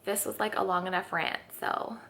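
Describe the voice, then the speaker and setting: A woman's voice: mid-range voice, fairly even intonation, moderate pace, a crowd in the background. Tired, sniffly young woman vlogging. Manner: rambling, confessional, lots of "like". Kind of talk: casual chat. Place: at home in a kitchen.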